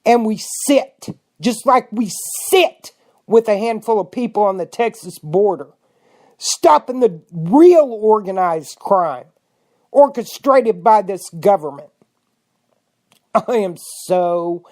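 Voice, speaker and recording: Woman podcast host, angry profane rant, loud bursts dropping to mutters. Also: mid-range voice. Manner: fiery, indignant, swings between shouting and muttering; profane, rhetorical questions.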